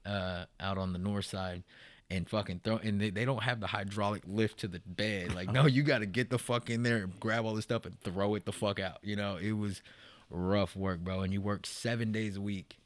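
A man's voice: fairly low pitch, steady tone, normal speed, dry recording. A man in a casual interview, telling his own story in a profane, rambling way, full of "man" and "bro".

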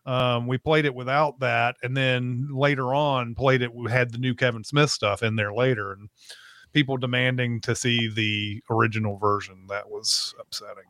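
With a fairly bright, mid-range voice and fairly even intonation, a man speaks at a moderate pace as he co-hosts a podcast. The talk is casual and rambling, and he frequently laughs while acting out how he reacted. The studio-quality recording has no room sound.

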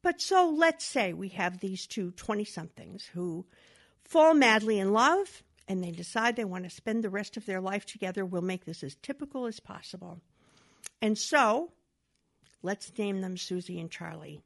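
A woman lecturing through an illustrative story. Her delivery is animated, and her voice swings widely as she narrates. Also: mid-range voice, normal speed, creaky. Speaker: speaker on domestic violence.

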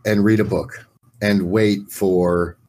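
A man's voice: on the low side, fairly even intonation, slow pace, darkish tone. A man playing in a tabletop game, thinking aloud and hesitating as he describes his moves. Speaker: player. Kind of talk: tabletop role-play.

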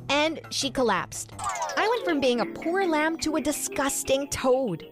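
A woman's voice: high voice, animated, measured pace, soft background music. A woman telling a first-person story for a podcast in a dramatic, resentful manner.

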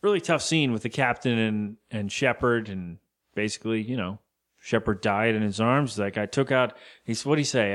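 A man co-hosting a podcast, recapping a film in loose, casual chat with quick quoted lines and some swearing. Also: fairly low pitch. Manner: loose and profane, retells scenes with quoted lines. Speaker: podcast co-host.

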